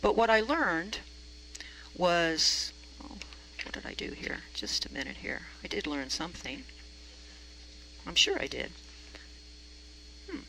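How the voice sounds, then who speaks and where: A woman's voice: fairly low pitch, big pitch swings, takes it slowly, vocal fry, long pauses, bright, forceful tone, slight background noise, low-quality recording. A woman reverend telling a story from the pulpit, chatty, with self-deprecating humor. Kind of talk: storytelling sermon.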